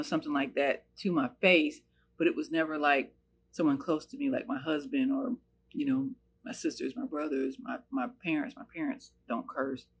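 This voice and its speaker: A woman from the United States telling a personal story in an earnest, searching way, with many fillers and restarts. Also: low-pitched.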